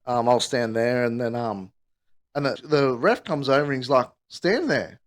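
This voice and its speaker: A man telling a rambling, sweary story in casual podcast chat. He acts out the people he quotes in higher voices. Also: fairly even intonation, normal speed. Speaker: podcast co-host.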